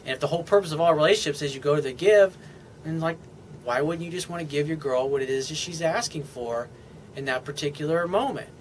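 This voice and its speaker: A man's voice: fairly high pitch, fast talker, a little hiss or hum. A man giving casual, unscripted dating advice as a relationship coach, speaking bluntly and swearing freely. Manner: blunt and profane, talks straight to the listener.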